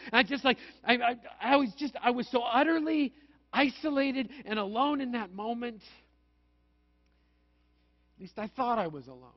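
A man from Manitoba, Canada, preaches in a high voice. His sermon runs like a chat, full of stories and jokes at his own expense. The recording sounds dull and lo-fi. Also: moderate pace, long pauses. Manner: conversational, storytelling, self-mocking humor. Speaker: pastor.

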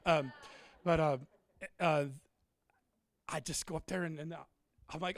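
A middle-aged man preaching a humorous sermon, animated and joking, swinging from shouts to quiet asides. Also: on the high side, a little slow. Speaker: pastor.

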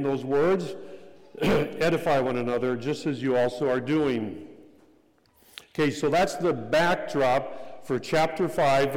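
A man preaching a sermon as pastor, measured and deliberate, repeating key phrases for emphasis. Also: on the high side. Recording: long hall reverb.

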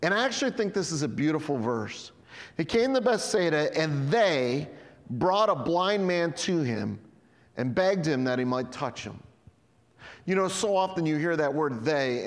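A man preaching a sermon with animated storytelling, acting out the people in the passage and chuckling as he goes. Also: a little high, long reverb tail. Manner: lively storytelling, acts out voices, chuckles. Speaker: pastor.

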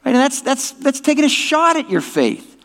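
Man preaching, high voice, casual and halting, restarts phrases, long hall reverb. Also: sing-song, vocal fry, a bit bright. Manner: informal, repeats and restarts words, asks the audience questions. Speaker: pastor. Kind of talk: conversational sermon.

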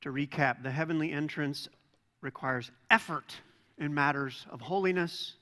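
A man preaching a sermon as pastor, telling stories in a relaxed, joking way. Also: fairly high pitch, normal speed. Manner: conversational, self-deprecating storytelling. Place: church sanctuary. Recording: long hall reverb.

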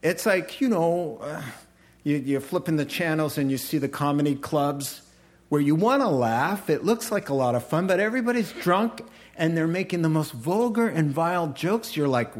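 A man preaching a sermon in a conversational way, with animated asides. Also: fairly high pitch, normal speed. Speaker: pastor.

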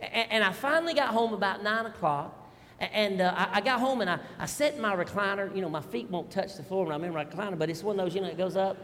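A middle-aged man preaches, spinning homespun family stories and tossing asides to the congregation. His voice sits high for a man. The sound carries the long reverb of a hall. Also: quick pace. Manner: folksy, animated storytelling with audience asides. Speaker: pastor. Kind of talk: storytelling sermon.

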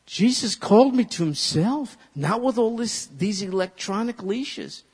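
A man preaching a sermon as a pastor, animated and leading his listeners in repeating a verse aloud. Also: sits high, a little slow, slightly rough. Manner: animated, leads congregation in call-and-response recitation. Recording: long reverb of a large hall.

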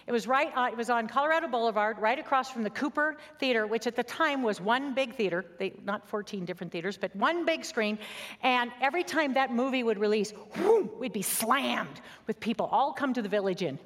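A woman giving an earnest, conversational sermon built around a personal story, sometimes dropping to a soft near-whisper. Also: a little high, animated, fairly quick, big-room sound.

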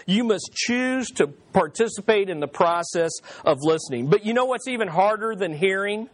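A pastor telling humorous stories in a sermon, calling on the congregation to repeat words after him and repeating key lines for emphasis. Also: male voice, high voice, expressive, moderate pace, hardly any pauses, slight background noise. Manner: engages congregation with call and response. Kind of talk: sermon with jokes.

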